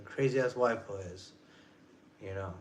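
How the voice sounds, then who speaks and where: A man's voice: fairly low pitch, slow pace, noisy background. A man in his forties ranting casually on a vlog, rambling and profane, in loose street slang. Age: 40s. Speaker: vlogger. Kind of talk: casual rant.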